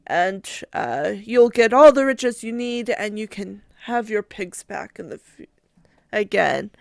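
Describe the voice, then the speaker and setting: A woman voicing a smooth-talking male pirate recruiter in a put-on English countryside accent, with a halting delivery. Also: mid-range voice, expressive, no echo, studio quality. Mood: coaxing.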